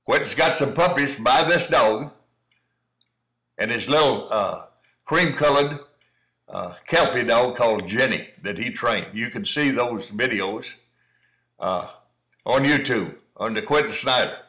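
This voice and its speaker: A man's voice: medium pitch, animated, measured pace, pauses often, bright, forceful tone, low-quality recording. A middle-aged man giving folksy, encouraging running commentary on dog training, calling the listener son. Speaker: cowdog breeder commenting on training footage. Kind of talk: casual running commentary over video.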